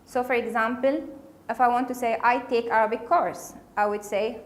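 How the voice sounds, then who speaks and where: Woman, fairly high voice, patient language teacher, repeats words slowly. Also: steady tone. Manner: patient, repeats each word slowly for learners. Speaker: Arabic dialect teacher. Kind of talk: casual spoken language lesson.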